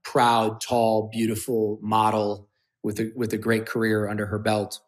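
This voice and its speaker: A man's voice: lowish voice, monotone, measured pace. Intense, blunt man telling his story. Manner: intense, profane, repetitive emphasis. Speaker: interview guest. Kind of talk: personal storytelling.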